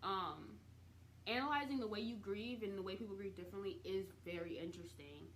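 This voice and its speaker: A young adult woman recapping and reviewing a TV series in a chatty, expressive way, with casual slang and the odd swear. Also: mid-range voice, brisk, a little hiss or hum.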